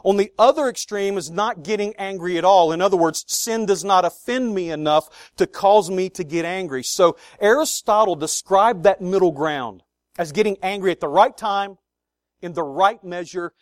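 A man preaching a sermon to his congregation, earnest, with slow emphatic stresses on key words. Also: high voice, no room sound, clean studio sound. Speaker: pastor.

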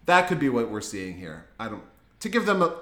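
A man co-hosts a podcast and talks through a film in a relaxed, reflective way. His voice is middling in pitch and he laughs often. The room around him is echoey. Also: a little fast. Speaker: podcast co-host. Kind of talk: casual movie discussion.

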